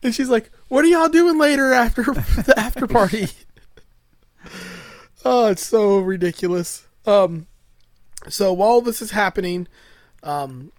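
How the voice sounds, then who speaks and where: A man with a high voice recaps a film scene by scene in a crude, casual way, laughing often and stacking up fillers as he goes. The sound is dry and close, with no room around it. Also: no echo. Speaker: podcast host recapping a film.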